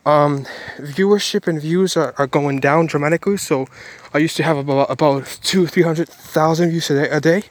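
Rambling earnest man vlogging, slightly high. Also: normal speed, few pauses. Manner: rambling, self-correcting, earnest. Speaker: Christian vlogger. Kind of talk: casual daily vlog.

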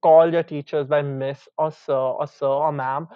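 A young man chats in a fairly high voice, animated and playfully indignant. The sound is close and dry, with a dull, lo-fi tone that lacks sparkle. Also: measured pace, smooth, dry recording. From India, Mumbai. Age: young adult. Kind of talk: casual chat. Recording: dull lo-fi recording.

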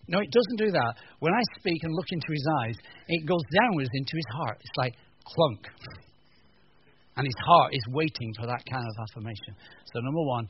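A man's voice: mid-range voice, moderate pace. Guy giving a funny church talk, acts out bits, kinda muffled recording w/ faint noise. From north of England. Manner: animated, jokey, acts out voices, stammering restarts. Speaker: preacher. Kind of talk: humorous teaching talk to a live audience.

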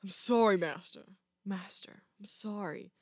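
A woman voicing Anakin Skywalker, a young male Jedi, in a quiet, soft, sulky delivery for a fan audio drama. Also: medium pitch, unhurried, no echo, clean studio sound, pitched below the performer's own voice.

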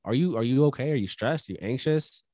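A young man co-hosting a podcast, casual and earnest, offering gentle advice with fillers and asides. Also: mid-range voice, expressive, quick pace, no echo, clean studio sound. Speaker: podcast co-host. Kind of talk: casual chat.

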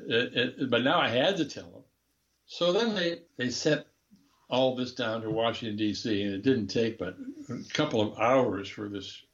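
Chuckling and correcting himself, an older former diplomat rambles through a frank anecdote during a casual interview. His voice is medium-pitched, and the sound quality is lo-fi.

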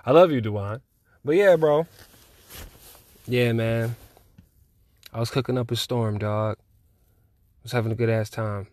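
A young man hosting a solo chat podcast while high, talking in a loose, rambling way with lots of slang and swearing. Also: measured pace, long pauses, darkish tone, no room sound. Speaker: podcast host.

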